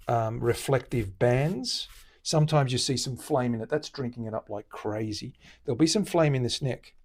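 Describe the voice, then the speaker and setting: A man with an Australian accent, a luthier host chatting casually through a live-stream demonstration in his guitar workshop. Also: mid-range voice. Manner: relaxed, chatty, explains while working.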